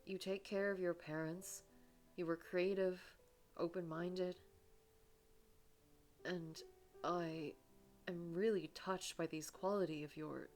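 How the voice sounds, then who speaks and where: Woman reading as a nervous soft-spoken guy from a story game, halting, lowish voice, real slow. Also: natural voice. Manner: hesitant, halting, with pauses and restarts. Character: shy, gentle divorced man, nervous and sincere. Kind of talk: reading game dialogue aloud.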